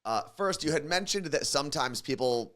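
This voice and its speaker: A man's voice: on the high side, animated, normal speed, fairly bright tone. A man co-hosting a talk show, asking the guest casual questions and stopping to search for his words. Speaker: co-host.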